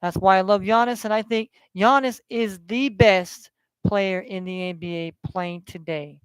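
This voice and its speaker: A man's voice: high-pitched, fairly even intonation, unhurried, clear, resonant tone, dry recording. A man from California hosting a casual sports betting stream, rambling and swearing as he repeats himself. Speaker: sports betting podcast host.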